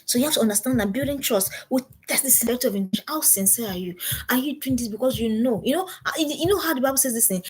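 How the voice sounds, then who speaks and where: A woman's voice: fairly high pitch, very fast, slightly rough. A middle-aged woman, a parenting coach, gives an emphatic seminar talk and repeats her key points as commands.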